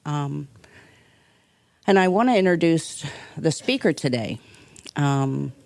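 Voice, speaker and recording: Woman at a church mic, dry close sound, slow hesitant introduction with lots of ums. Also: low-pitched, lively intonation, gravelly, no echo. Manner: halting, emotional, hesitant with many fillers. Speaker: speaker's wife introducing him. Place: church sanctuary.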